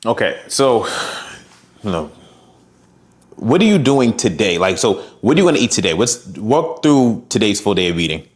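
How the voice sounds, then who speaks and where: A man's voice: lowish voice, sing-song, moderate pace, long pauses. A man working as a fitness coach, giving direct, encouraging advice and talking through examples. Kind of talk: coaching session.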